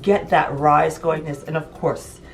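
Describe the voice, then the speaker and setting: A woman's voice: sits low, steady tone, slow pace, vocal fry, recorded from a distance, slight background noise. A woman chatting enthusiastically and emphatically in a home cooking vlog. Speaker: vlogger. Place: home kitchen.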